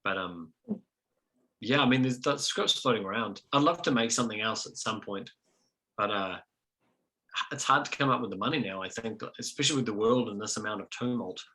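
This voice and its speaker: A man's voice: on the low side, fairly quick, pushed and bright, low-quality recording. A young man with a New Zealand accent, a filmmaker guest chatting casually and self-deprecatingly, with many fillers. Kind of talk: casual video-call discussion.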